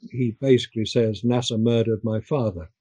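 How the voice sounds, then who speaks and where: An older man chatting on a discussion call, pausing and repeating words as he talks. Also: mid-range voice, steady tone, dark tone, slightly rough, no room sound, low-quality recording. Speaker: guest. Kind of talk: casual chat.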